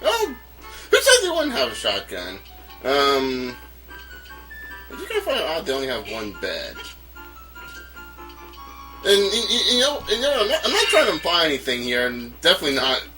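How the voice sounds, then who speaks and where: A man's voice: a little high, wildly swooping pitch, moderate pace, pauses often, sharp tone, rough recording. A man from North Carolina giving casual, rambling commentary while playing a game, stammering and chuckling often. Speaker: let's play host. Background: game music.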